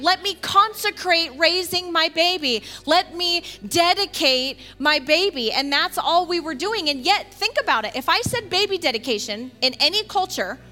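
A woman preaches to her congregation in a chatty, animated way, often breaking into little laughs and quick asides. Her voice sits high and sounds bright and sharp. Soft music plays underneath. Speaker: teacher in a congregation. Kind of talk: sermon teaching.

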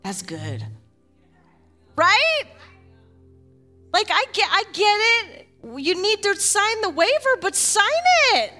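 A woman pastor preaching a sermon in an animated, folksy way, with quick casual asides and rising excitement. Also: extremely high pitch, faint music behind.

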